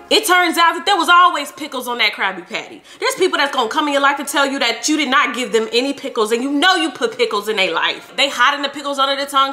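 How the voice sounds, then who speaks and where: Young woman, cooking vlogger, casual animated talk, bright tone, high pitch. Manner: chatty, animated storytelling, slangy. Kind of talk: casual chat while cooking. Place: home kitchen.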